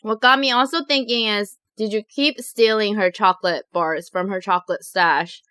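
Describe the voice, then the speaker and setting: A woman vlogger chatting casually as she reads out viewer confessions, telling them in an animated, giggly way. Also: medium pitch, moderate pace, smooth, no room sound. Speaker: mukbang vlogger.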